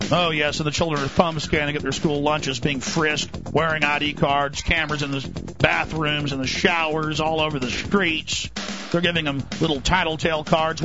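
A man's voice: on the high side, steady tone, normal speed, over music. A male radio talk show host delivering a heated, indignant monologue. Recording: dull lo-fi broadcast audio.

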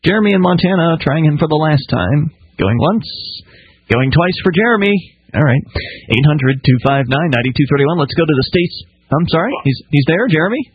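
A man's voice: a little high, fairly quick, husky, no echo. A man hosting a call-in talk radio show, chatting casually and reading out web addresses and phone numbers. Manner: relaxed, conversational, reads plugs and phone numbers. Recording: muffled radio broadcast audio.

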